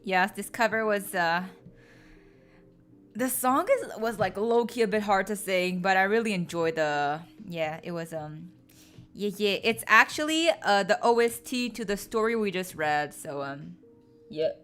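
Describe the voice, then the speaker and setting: A woman's voice: mid-range voice, expressive, a little slow, a bit bright, faint music behind. A young woman chatting casually and playfully with her stream viewers, full of slang and laughter.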